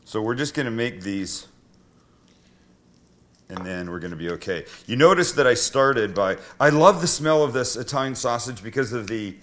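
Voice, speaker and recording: Middle-aged host cooking and chatting, easygoing and jokey. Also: male voice, mid-range voice, animated, normal speed, a bit bright, slight background noise. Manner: chatty, self-deprecating, joking. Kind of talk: casual cooking banter.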